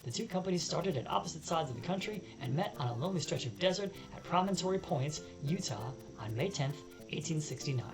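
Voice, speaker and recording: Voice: medium pitch, lively intonation, fast, few pauses, poor audio. Chatty let's-player over game music. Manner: chatty, joking asides while reading aloud. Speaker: let's play host. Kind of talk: casual game commentary.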